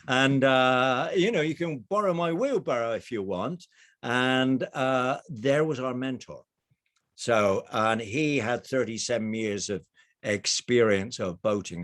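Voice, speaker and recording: A middle-aged man giving a storytelling presentation over a video call from a narrowboat kitchen, animated, with frequent restarts. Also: mid-range voice. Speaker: speaker.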